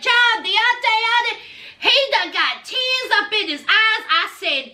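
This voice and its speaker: Very high, bright-voiced sassy woman. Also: sing-song, measured pace, reverberant. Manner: sassy, chatty, laughs often, calls viewers honey and y'all. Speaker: reality TV recap vlogger. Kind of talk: casual reality show recap.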